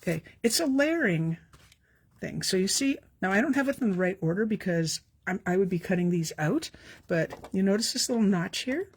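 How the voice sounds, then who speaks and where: A woman's voice: medium pitch, expressive, normal speed, husky. An older woman, chatting with viewers as she demonstrates a craft on a live stream, friendly and self-deprecating. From Canada. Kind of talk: casual live-stream tutorial.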